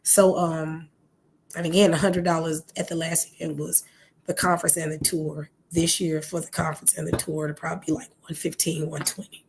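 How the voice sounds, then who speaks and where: Woman host, lower voice, hoarse, loose chatty delivery full of ums, talking straight to her viewers. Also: level tone, fairly quick, slight background noise. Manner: rambling, many fillers and self-corrections. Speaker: channel host. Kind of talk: casual talk to viewers.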